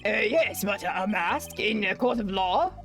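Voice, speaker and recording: A woman's voice: medium pitch, animated, unhurried, creaky, fairly bright tone, faint music behind. A woman voicing a flustered older male judge who hesitates with frequent uhs. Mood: puzzled.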